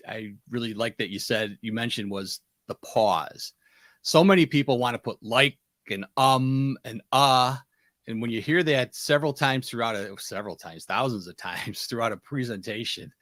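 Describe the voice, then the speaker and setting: A man's voice: mid-range voice, a bit bright, dry recording, studio quality. A man hosting a webinar and taking questions in a chatty manner with fillers. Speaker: host.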